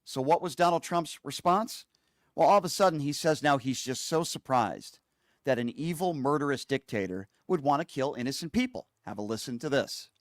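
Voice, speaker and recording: A man's voice: on the high side, expressive, moderate pace, no echo. A male political talk show host giving opinionated commentary with an angry, mocking tone.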